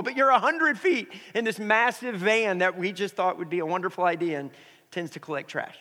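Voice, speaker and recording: High-voiced pastor preaching in a hall. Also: male voice, brisk, sharp tone. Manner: prays then tells a family story. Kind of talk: sermon. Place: church sanctuary with congregation. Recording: reverberant church hall.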